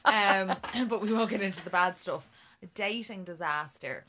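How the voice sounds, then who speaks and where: A young Irish woman co-hosting a podcast, telling a dating story in a casual, animated way and laughing often. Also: medium pitch, moderate pace, slight background noise. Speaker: podcast co-host.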